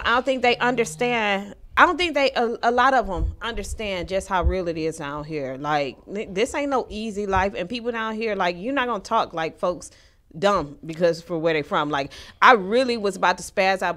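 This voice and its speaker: A woman, a guest telling stories in casual chat, acting out quotes in an animated way. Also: mid-range voice. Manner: animated, acts out quotes, laughs often.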